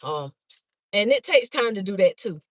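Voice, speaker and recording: A woman chatting fast on a phone livestream to her viewers, a bit out of breath as she walks from a car through a garage into a house. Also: mid-range voice, very animated, dry recording. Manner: chatty, talks fast to viewers, calls them "y'all". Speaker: livestream host and vendor. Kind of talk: casual livestream chat to viewers. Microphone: phone held by hand.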